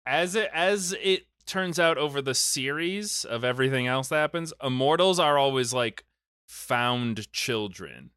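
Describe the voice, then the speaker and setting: A man's voice: mid-range voice, animated, unhurried, bright, forceful tone, smooth, no echo, clean studio sound. A man hosting a casual podcast chat, recapping a film plot with jokes and mock-angry rants. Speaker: podcast host explaining a film saga.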